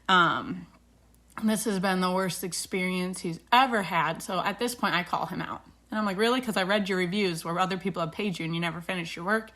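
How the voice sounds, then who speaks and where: A woman's voice: fairly low pitch, fairly bright tone. A woman in her thirties, a beauty vlogger, chatting casually and retelling a dispute with indignation while doing her makeup.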